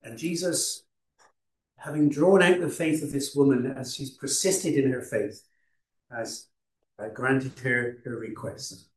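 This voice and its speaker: A man preaching a sermon, unhurried, with frequent restarts and fillers. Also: mid-range voice, distant mic. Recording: roomy hall, voice from off-mic.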